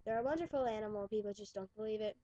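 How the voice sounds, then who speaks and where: A woman's voice: mid-range voice, racing, mellow, no room sound. A teenage girl with a New York accent, rambling casually into her webcam with many restarts. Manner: chatty, restarts and trails off. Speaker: webcam vlogger. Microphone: webcam mic. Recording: dull lo-fi webcam audio.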